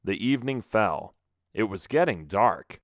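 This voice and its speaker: A man narrating a children's audiobook with expressive storytelling. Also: on the low side, unhurried, no room sound, studio quality.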